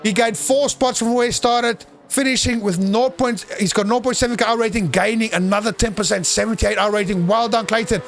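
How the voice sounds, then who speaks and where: A man's voice: high voice, brisk, gravelly, hardly any pauses. A man giving live, unscripted commentary on a sim race in a playful, teasing way, exclaiming at crashes.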